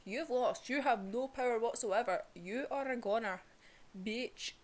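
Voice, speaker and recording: A young woman chatting casually about a manga chapter, excitable and swearing freely. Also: fairly high pitch, unhurried. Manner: excitable, swearing, laughs often. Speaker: manga reviewer. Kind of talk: casual chat.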